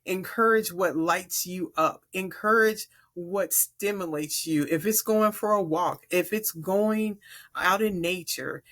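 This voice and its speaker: A middle-aged woman from Chicago, a podcast guest speaking in an earnest, encouraging, deliberate way. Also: on the low side, fairly bright tone. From Chicago, USA. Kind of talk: earnest advice in conversation.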